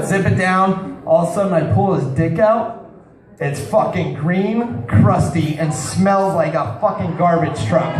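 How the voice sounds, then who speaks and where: A man doing a crude stand-up set in a bar, telling stories and calling out to people in the crowd. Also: high-pitched. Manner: crude, storytelling, talks to the crowd. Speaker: stand-up comedian. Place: bar with live audience. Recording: roomy bar sound, distant mic, crowd noise.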